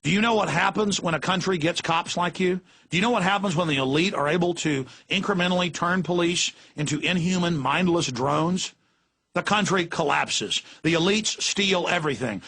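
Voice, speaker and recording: A man's voice: high-pitched, normal speed, creaky, sharp tone, husky. A middle-aged man hosting political talk radio, ranting in a fiery, emphatic way. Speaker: radio talk show host.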